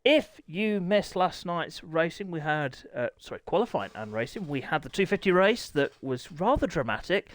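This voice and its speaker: A man's voice: on the high side, sing-song, normal speed, hardly any pauses. A young man streaming a racing league, talking to chat while he fumbles with setup, harried and apologetic. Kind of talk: live-stream chat to viewers.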